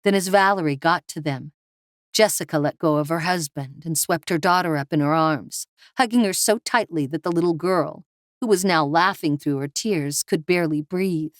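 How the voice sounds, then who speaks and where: A woman reads a thriller audiobook in a low, dark-toned voice. The sound is dry and close to the mic. Her delivery is steady and dramatic. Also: moderate pace, dry recording. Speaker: audiobook narrator. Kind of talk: scripted narration.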